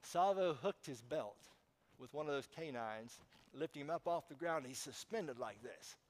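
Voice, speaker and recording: A man's voice: mid-range voice, expressive, normal speed. A man preaching a sermon to his congregation, telling a story and putting questions to his listeners. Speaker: pastor.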